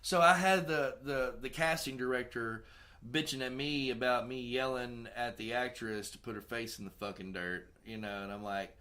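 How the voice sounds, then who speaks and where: A man hosting a podcast, telling film-set stories in a casual, profane, animated way. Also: medium pitch, normal speed. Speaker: podcast host and film director. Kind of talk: casual storytelling chat.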